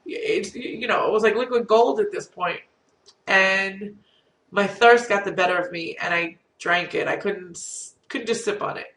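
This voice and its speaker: Middle-aged woman vlogger with a cold, gravelly and rambling, recorded off-mic in a boomy room. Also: unhurried, fairly bright tone. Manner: rambling, candid, self-deprecating. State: has a cold. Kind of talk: casual storytelling to camera. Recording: roomy echo, distant from mic.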